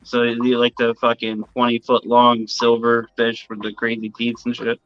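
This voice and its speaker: A man's voice: mid-range voice, completely flat delivery, moderate pace, a bit bright, clean tone, no room sound, muffled recording. A man guest in a casual interview, telling rambling stories and swearing casually.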